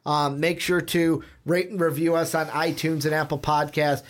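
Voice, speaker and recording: Young male podcast host, loose and profane, slightly higher voice. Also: flat delivery, moderate pace. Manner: loose, swears, frequent "um" fillers. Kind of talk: casual podcast chat.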